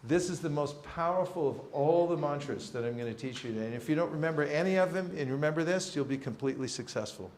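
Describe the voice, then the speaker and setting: A man's voice: fairly high pitch, fast talker, few pauses, darkish tone, a little hiss or hum. A man leading a seminar for a live audience, talking playfully and acting out street encounters with a joking manner. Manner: humorous, acts out street encounters. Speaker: seminar teacher. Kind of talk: lively seminar talk. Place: temple hall with audience. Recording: roomy echoing hall.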